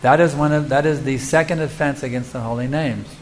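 A spiritual teacher answers audience questions in a devotional lecture, his medium-pitched voice steady and a little fast. He speaks emphatically and rhetorically, often questioning his listeners, on a rough recording with slight hiss or hum.

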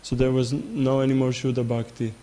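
A man giving a spiritual talk who tells a story in a halting way, repeating words and filling gaps with "uh". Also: medium pitch, flat delivery, warm tone. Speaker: spiritual teacher. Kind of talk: sermon with storytelling.

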